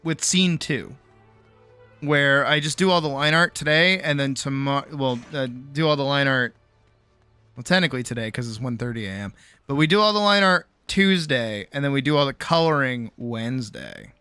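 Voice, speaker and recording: Tired, bright-voiced late-night streamer, swearing. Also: male voice, medium pitch, lively intonation, normal speed, clear, resonant tone, soft background music. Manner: rambling, swears freely, self-mocking. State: tired, sore jaw. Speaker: streamer and animator. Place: home streaming setup.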